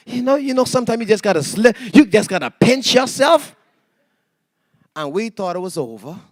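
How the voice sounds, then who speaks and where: A man preaching a sermon, telling a story with animated swings between hushed and loud delivery and acting out the voices of others. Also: sits high, moderate pace, no echo, clean studio sound. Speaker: pastor.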